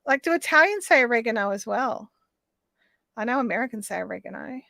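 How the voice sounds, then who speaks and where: A woman's voice: high-pitched, animated, a little fast, pushed and bright, dry recording. An Australian woman hosting a live craft stream, chatting casually and rambling as she reads out viewer comments.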